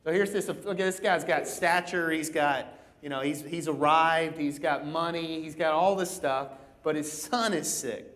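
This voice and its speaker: Animated man preaching in church. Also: on the high side, normal speed. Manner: conversational, repeats "right?" often; animated, acts out begging in a raised voice. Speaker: pastor. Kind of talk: sermon. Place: church auditorium.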